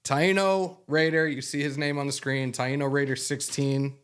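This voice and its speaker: A man's voice: medium pitch, flat delivery, moderate pace, a bit bright, clean tone. Casual, profane man hosting a fan show. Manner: loose and profane, openly moved by a fan's gift. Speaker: sports podcast host. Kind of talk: casual live-stream chat and news rundown.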